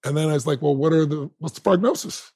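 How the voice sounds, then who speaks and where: A man's voice: a little high, fast talker, mellow. A man in his fifties, a podcast guest, telling a personal story with energy, acting out quoted dialogue and laughing often. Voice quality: gravelly, husky. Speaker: interview guest. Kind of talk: animated storytelling in conversation.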